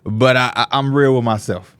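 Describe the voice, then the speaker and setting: A clear, resonant male voice at normal speed, recorded with no room sound. As a podcast co-host he shares stories in casual talk, animated throughout, and performs the voices of those he quotes with big pitch jumps.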